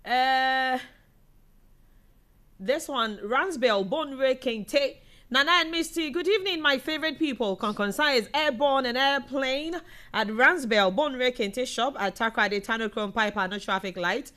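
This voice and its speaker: A young woman with a Ghanaian accent hosting a casual live show, reading out viewer comments in a chatty, animated way and laughing often. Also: high voice, measured pace.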